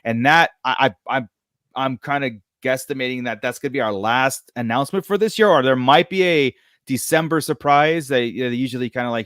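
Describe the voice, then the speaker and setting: A man's voice: medium pitch, a little fast, fairly bright tone, clean tone, no echo, studio quality. A man hosting a casual livestream podcast about toy collecting, chatty, laughing often and trailing off mid-sentence. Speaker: podcast host.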